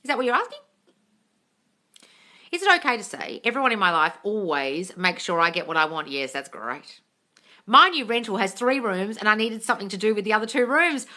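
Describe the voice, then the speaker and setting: A very bright, sharp-toned woman chats through a live Q&A as a manifesting coach, reading out viewer comments. Her pitch swoops up and down, she swears casually and calls everyone darling. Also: quick pace. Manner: gushing bursts of excitement.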